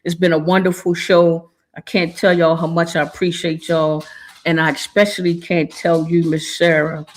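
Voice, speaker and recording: A woman's voice: lowish voice, little pitch movement, normal speed. Emotional preachy woman talk host. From Maryland, USA. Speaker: show host. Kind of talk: casual talk show sign-off.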